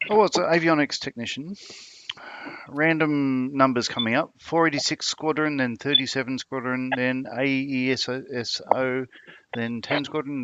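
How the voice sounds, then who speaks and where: A middle-aged man, chatting on a video call as a panel guest, pausing often with ums and you-knows. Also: medium pitch, pushed and bright, muffled recording, slight background noise. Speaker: panel guest, military veteran. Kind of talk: casual chat on a livestream.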